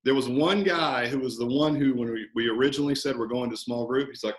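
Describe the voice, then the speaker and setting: A man guest talking about coaching in a relaxed, animated interview, often acting out conversations. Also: mid-range voice, a little fast, few pauses, reverberant. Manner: animated storyteller, acts out coach-client banter. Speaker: fitness business owner, guest.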